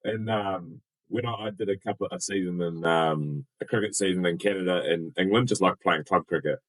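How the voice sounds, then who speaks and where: A New Zealand man hosting a podcast, relaxed, laughing along and chatting about club cricket abroad. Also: sits low, brisk, no room sound, poor audio. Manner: laid-back, laughs along, short agreeing replies. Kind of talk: casual chat.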